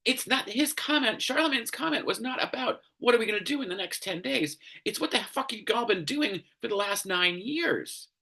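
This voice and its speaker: A man's voice: sits high, expressive, moderate pace, creaky, hardly any pauses, sharp tone. A man hosting a commentary show, ranting angrily with lots of swearing and exasperation. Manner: angry, profane, exasperated.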